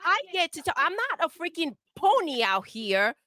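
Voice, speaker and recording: A woman's voice: extremely high pitch, sing-song, normal speed, bright, forceful tone, dry recording, studio quality. A woman co-hosting a gaming talk stream, ranting in a fiery, profane, emphatic way. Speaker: co-host. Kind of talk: heated gaming rant.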